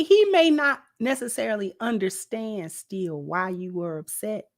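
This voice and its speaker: A woman giving casual relationship advice to camera, talking conversationally, repeating phrases and dropping low and soft for asides. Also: expressive, measured pace, hardly any pauses. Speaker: relationship vlogger.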